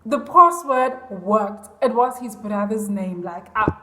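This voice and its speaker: A woman's voice: mid-range voice, takes it slowly, pushed and bright, echoey room, poor audio. A woman vlogger telling a personal story in a chatty, confiding way, with plenty of fillers. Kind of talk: storytime vlog.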